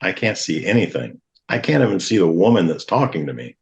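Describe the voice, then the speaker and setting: A man's voice: low-pitched, big pitch swings, brisk, gravelly. A middle-aged man, a guest on a talk show, earnestly telling a personal testimony and acting out what others said. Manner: earnest, vivid retelling with acted-out quotes.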